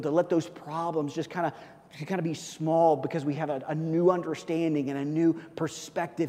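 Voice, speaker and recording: A man preaching a sermon as pastor, acting out little scenes and swinging from loud, lively bursts to quiet, hushed asides. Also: a little high, in a large hall. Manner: animated, acts out scenes with big swings in loudness.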